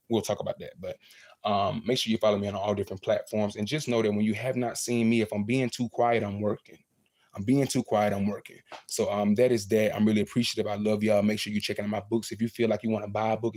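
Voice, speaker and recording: A man's voice: lowish voice, mellow. A young man talking casually and earnestly to fans on a livestream, repeating himself for emphasis. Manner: earnest, repetitive, motivational.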